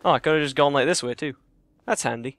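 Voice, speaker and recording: Bright-voiced swearing gamer guy. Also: a little high, brisk, dry recording. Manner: rambling, profane and jokey, turns panicky yelling in fights. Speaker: let's play gamer. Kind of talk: casual gameplay commentary. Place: cramped bedroom, playing on his bed.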